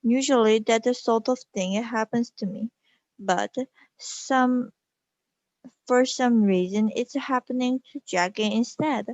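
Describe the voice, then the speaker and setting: A woman's voice: a little high, slow pace, a little mellow, dry recording, lo-fi sound. A woman doing a theatrical eerie psychic medium. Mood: dramatic. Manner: dramatic, eerie.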